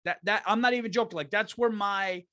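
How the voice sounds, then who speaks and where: A man's voice: a little fast, no echo. Podcast host: middle-aged New guy, foul-mouthed ranter, raised voice, dead-dry booth sound. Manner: profane, swings from loud rants to low muttering. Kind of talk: ranting comedic monologue.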